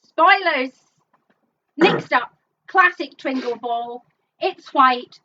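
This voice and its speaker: High bright woman calling bingo, far-off mic. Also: expressive, moderate pace. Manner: upbeat announcing, chatty asides. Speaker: bingo caller and co-host. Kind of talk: casual live-stream bingo calling. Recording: muffled, distant mic.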